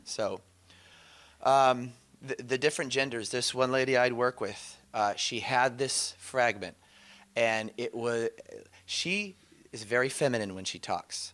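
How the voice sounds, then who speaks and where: A man's voice: medium pitch, a bit bright. A man teaching a session, telling stories with enthusiasm and frequent laughter. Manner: enthusiastic storytelling, laughs often.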